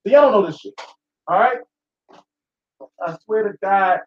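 A man's voice: high-pitched, animated, moderate pace, slight background noise. A man hosting a talk show, delivering a blunt, profane, preachy monologue to his listeners. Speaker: show host. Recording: echoey room, dull sound.

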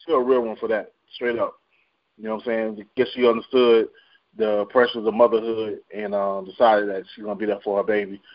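A man hosting a casual radio-style chart rundown, joking and slangy with frequent laughs. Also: on the low side. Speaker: radio show host. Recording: dull lo-fi sound.

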